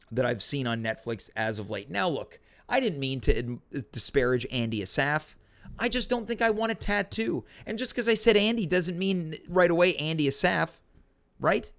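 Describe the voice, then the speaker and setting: Rambling, animated man hosting. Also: fairly high pitch. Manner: animated, rambling, self-deprecating. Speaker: talk show host. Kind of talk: casual solo livestream Q&A. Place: home.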